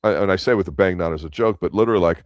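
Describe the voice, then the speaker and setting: A man co-hosting a casual review show, speaking in a measured, opinionated way as he breaks down scenes. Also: low voice, dull audio. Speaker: podcast co-host.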